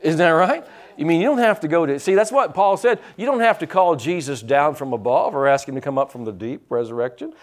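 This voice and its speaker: Lively, animated preaching man. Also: fairly high pitch, brisk, hardly any pauses. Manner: lively preaching with asides and teasing humor. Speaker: pastor. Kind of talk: sermon.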